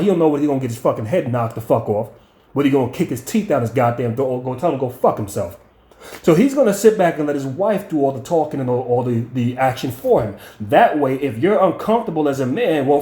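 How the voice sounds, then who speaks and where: A man delivers a profane, blunt storytelling rant, stumbling into repeated words when he gets heated. His voice sits a touch high yet sounds mellow and relaxed. The room around him rings with echo. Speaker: channel host.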